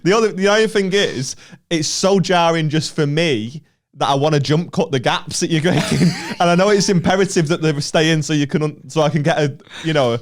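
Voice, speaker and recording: A man from the north of England chats on a comedy podcast in quick, joking banter, swearing casually. His voice sits a little above the usual male pitch. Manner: quick-witted, sweary, chuckles between jokes.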